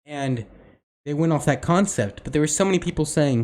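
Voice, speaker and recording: A man's voice: on the high side, animated, fairly quick, darkish tone. Rambling young man chatting on a podcast. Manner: rambling, many fillers and restarts. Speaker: podcast co-host. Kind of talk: casual chat.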